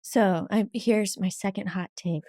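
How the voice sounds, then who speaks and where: A woman therapist as a podcast guest, speaking candidly and with energy, quoting people in lively voices. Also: mid-range voice, no room sound, studio quality. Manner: candid and lively, quick bursts, laughs, acts out quotes. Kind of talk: casual conversation.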